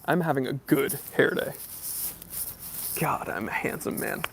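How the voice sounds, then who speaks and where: A man hosting a casual live-stream Q&A, reading viewer comments and joking around in an animated way. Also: mid-range voice, unhurried, vocal fry, slight background noise. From Los Angeles area. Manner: joking, animated, self-deprecating banter. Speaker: YouTube channel host doing a live stream Q&A.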